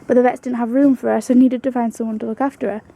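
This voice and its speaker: A woman's voice: fairly high pitch, fairly even intonation, fast talker, vocal fry, warm tone, poor audio. A young woman vlogging at home about her pet rabbit in a chatty, fond way, now and then cooing to the animal. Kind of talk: casual storytelling to camera.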